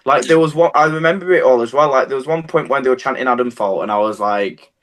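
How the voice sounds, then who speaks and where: A man's voice: mid-range voice, fast, a bit bright. A man telling stories in casual podcast chat, rambling with lots of fillers and poking fun at himself. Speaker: wrestler, podcast guest.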